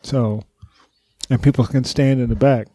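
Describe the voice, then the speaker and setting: A man's voice: medium pitch, steady tone, a little slow, dark tone, breathy edge, no echo. A man co-hosting a comedy podcast, talking about gigs in a loose, rambling way. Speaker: podcast co-host, stand-up comic. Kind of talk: casual podcast chat.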